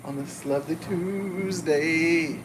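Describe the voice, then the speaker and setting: A man hosting a casual live stream from his home kitchen, greeting viewers by name and talking fast. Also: on the high side, background noise. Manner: talks fast. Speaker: livestream host.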